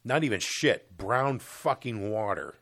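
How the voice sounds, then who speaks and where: A man's voice: on the low side, animated, unhurried, creaky, fairly bright tone, no echo, clean studio sound. A man co-hosting a crude comedy radio show, swearing, laughing and doing goofy voices. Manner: profane, giggly, doing silly voices. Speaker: radio co-host.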